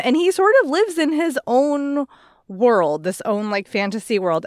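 A woman podcast host reading listener questions and enthusing over books in a casual, gushing way. Her voice is a little high and very crisp. The recording is close and dry, with no room sound. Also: no echo. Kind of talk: casual chat.

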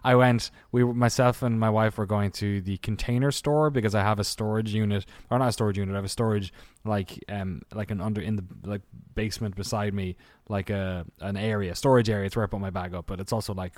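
A man with a fairly low voice chats loosely on a podcast, wandering through long jokey stories and laughing often. The sound is dry and close, with no room echo. He talks casually from a small home room. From Ireland. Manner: joking, rambling, quick to laugh. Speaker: podcast co-host. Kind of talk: casual chat.

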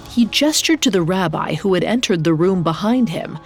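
A woman narrating a scripted story in a measured, steady reading. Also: lowish voice, faint music behind.

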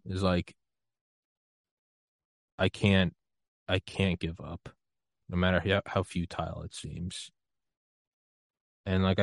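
An American man with a low-pitched voice hosts a podcast, conducting a casual conversational interview in a loose, rambling, self-deprecating style and laughing often. The sound is studio quality with no echo.

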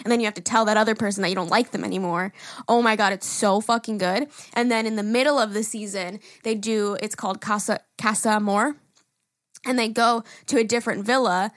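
A young woman co-hosting a casual podcast, animated, laughing often and swearing freely. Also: mid-range voice, brisk, dry recording, clean studio sound. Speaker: podcast co-host, daughter-in-law. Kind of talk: casual chat.

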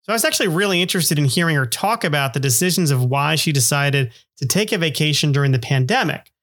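A man's voice: a little high, lively intonation, fast talker, fairly bright tone. A middle-aged man hosting a podcast, narrating casually in a rambling, self-deprecating way with many fillers. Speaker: podcast host.

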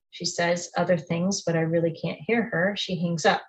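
A woman telling a personal memoir in the first person and the present tense, quiet and reflective. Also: lowish voice, steady tone, normal speed, hardly any pauses, rough recording. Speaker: storyteller.

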